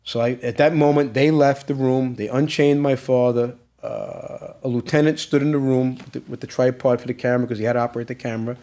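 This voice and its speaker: A man's voice: mid-range voice, steady tone, brisk, few pauses, warm tone. Intense man retelling a story. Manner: retells events with acted-out quoted dialogue, growing intense and emphatic. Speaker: interview guest. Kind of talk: emotional storytelling in a podcast interview.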